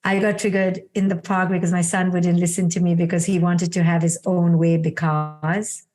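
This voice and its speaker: A middle-aged woman psychologist guiding a parent through a coaching exercise, calm and affirming, often answering with "beautiful". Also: lowish voice, normal speed. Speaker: clinical psychologist and guest.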